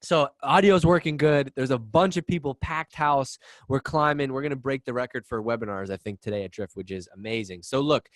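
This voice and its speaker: A man hosting a live webinar over a video call, talking fast and excitedly with lots of restarts. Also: mid-range voice, no room sound. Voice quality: excitable, rapid, restarts often. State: out of breath. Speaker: webinar host. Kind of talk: energetic live webinar chat. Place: office in Boston.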